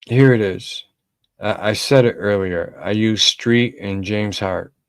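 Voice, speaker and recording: Man, podcast co-host, unhurried delivery, emphatic, repeats himself, dry close sound. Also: on the low side, smooth, no room sound. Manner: emphatic, repeats key lines. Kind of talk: casual livestream talk.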